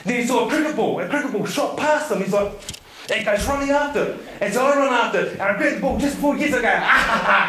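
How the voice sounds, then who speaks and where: A man giving a seminar talk to an audience, telling stories in an animated way, laughing often and checking in with "yeah?". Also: very high voice, very fast, crowd noise. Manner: animated storyteller, laughs often, tag questions. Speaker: seminar speaker. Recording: echoey room.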